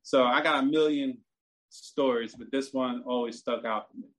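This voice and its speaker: A man's voice: medium pitch, moderate pace. A man, telling a story in casual, profane talk that turns heated. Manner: animated, profane, gets heated and loud.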